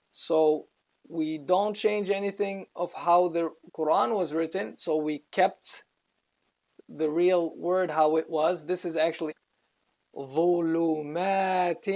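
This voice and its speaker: Gravelly-voiced man teaching Quran reading. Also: high voice, a little mellow. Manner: patient, explains slowly, recites Arabic words between explanations. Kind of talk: step-by-step recitation lesson.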